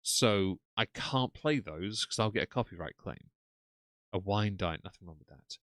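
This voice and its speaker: A man's voice: lowish voice, animated, moderate pace, fairly bright tone, dry recording. Sardonic man streaming live. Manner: sardonic, mocking asides to chat. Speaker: streamer reacting to clips. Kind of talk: casual live-stream commentary. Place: home room. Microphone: desk microphone.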